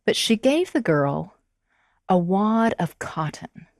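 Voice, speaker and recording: A woman storyteller telling a fairy tale to children, expressive and prompting them to join in. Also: medium pitch, takes it slowly, dry recording, clean studio sound.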